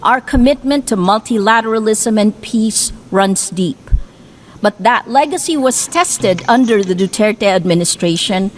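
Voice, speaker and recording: Filipino woman, formal assembly speech, measured and emphatic, mid-range voice, faint background hiss. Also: medium pitch, lively intonation. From Philippines. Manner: measured, emphatic delivery with deliberate pauses. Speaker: speaker addressing the UN assembly. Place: large assembly hall.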